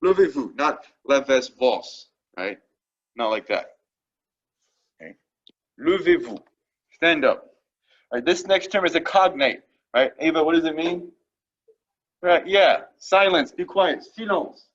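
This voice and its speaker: A man's voice: fairly high pitch, animated, a little slow, pauses often. A man with a slightly raised voice teaches a class in a classroom, repeating phrases and drilling pronunciation. He keeps asking "right?" to check that students are following. The recording is dull and lo-fi. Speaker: French teacher. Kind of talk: classroom instruction.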